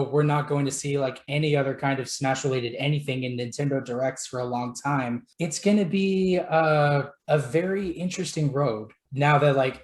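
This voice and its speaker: A man hosting a casual podcast about video games, chatty and full of filler words. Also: mid-range voice. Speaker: podcast host. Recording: roomy echo.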